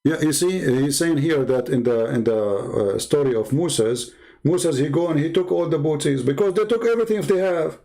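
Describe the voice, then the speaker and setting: A man's fairly high, dark and mellow voice carries a heated live-stream argument. He keeps firing rhetorical questions at his listeners. Between the questions he reads source texts aloud and translates them. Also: animated, normal speed, vocal fry, poor audio. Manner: combative, fires rhetorical questions. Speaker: live-stream religious debater.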